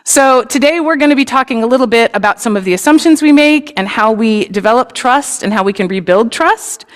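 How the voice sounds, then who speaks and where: A woman leading a story for all ages at a congregation service, lively, chatty and inviting, speaking into a microphone. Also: fairly high pitch, fairly quick, in a large hall. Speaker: worship leader. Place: congregation sanctuary.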